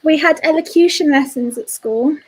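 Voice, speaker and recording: A woman's voice: sits high, normal speed, slight background noise, poor audio. A woman with a posh English accent chatting on a video call in a prim way. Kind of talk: casual chat on a video call.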